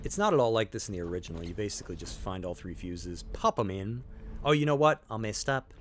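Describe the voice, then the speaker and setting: A man's voice: on the low side, expressive, fast talker, slight background noise. A middle-aged man giving chatty, rambling commentary while streaming a game, joking at his own mistakes and cheering his character on. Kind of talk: casual gameplay commentary.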